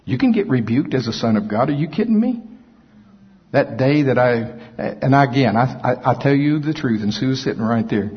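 A man preaching a sermon as pastor, telling folksy stories with self-mocking humor and a husky, raspy voice. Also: mid-range voice, lively intonation, normal speed. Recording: echoey hall, dull lo-fi sound.

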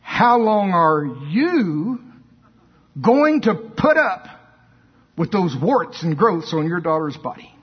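A preacher voicing the Lord as a stern, commanding figure who speaks slowly and emphatically. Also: male voice, sits high, big pitch swings, husky, in a large hall, full character voice. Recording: dull lo-fi sermon recording.

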